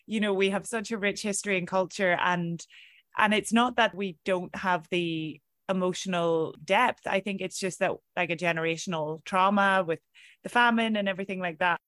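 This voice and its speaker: A woman's voice: mid-range voice, steady tone, moderate pace, fairly bright tone, no echo, studio quality. A woman with an Irish accent hosting a casual interview, encouraging and reflective. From Ireland. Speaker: podcast host.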